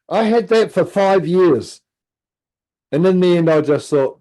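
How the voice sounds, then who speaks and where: Mellow-voiced New man telling stories. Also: extremely slow, long pauses. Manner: animated, acts out quotes, drops to low asides. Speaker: guest. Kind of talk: casual storytelling.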